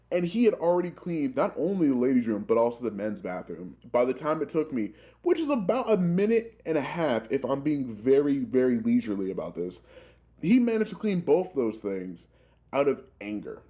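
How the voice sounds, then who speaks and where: A young man in his twenties telling a rambling, profane work story in a casual, animated way, full of filler words. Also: medium pitch, normal speed. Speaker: gaming channel host telling a story.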